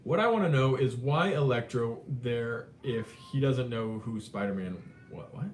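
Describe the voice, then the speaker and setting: A man hosts a live movie chat, talking casually and switching fast between excitement and quieter moments. His mid-pitched voice sits in a roomy space. A faint rumble runs underneath. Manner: animated, quick shifts between excited and subdued. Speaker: live stream host.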